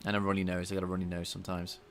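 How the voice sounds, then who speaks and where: A man with a slightly nasal voice, thinking out loud as he codes live and talks to his chat. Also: sits low, completely flat delivery, rapid-fire. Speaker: game developer streaming his coding. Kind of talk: casual live-coding chat.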